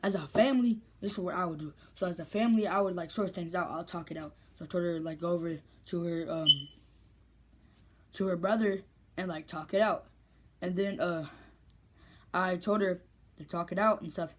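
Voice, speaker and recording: A woman's voice: on the low side, fairly even intonation, moderate pace, pauses often, slight background noise. A woman vlogger telling a story in casual, rambling, slangy speech with lots of restarts.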